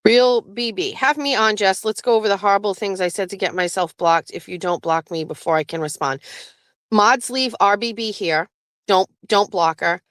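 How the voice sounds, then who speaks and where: A woman's voice: mid-range voice, moderate pace, fairly bright tone, no room sound. A woman hosting a live stream, chatting casually and bluntly with her viewers and swearing freely. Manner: blunt, profane, talks back to chat. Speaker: livestream host.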